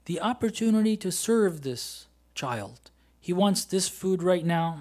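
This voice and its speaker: A man delivering a Ramadan-style sermon that swings from hushed, inward reflection to loud, pressing emphasis. He keeps asking his listeners questions and answering them himself. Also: sits high, expressive, measured pace. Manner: rhetorical questions. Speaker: religious speaker.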